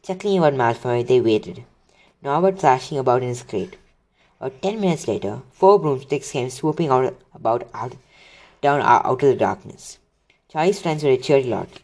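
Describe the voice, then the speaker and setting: A man's voice: medium pitch, lively intonation, moderate pace, darkish tone. Man reading a storybook aloud. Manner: casual reading with slips and restarts. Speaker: reader. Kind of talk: reading a children's book aloud.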